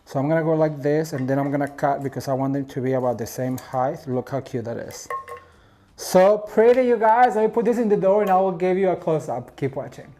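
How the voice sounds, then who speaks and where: A man's voice: on the high side, lively intonation, fairly quick, warm tone. A man from Mexico hosting a home decor craft tutorial, chatty and gushing, calling his viewers "you guys" and "honey" as he works at his craft table at home.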